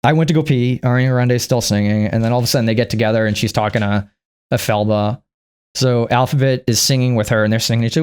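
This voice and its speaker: A man giving a casual, rambling and profane movie recap, acting out the characters in squeaky put-on voices. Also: rapid-fire, darkish tone. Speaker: movie reviewer.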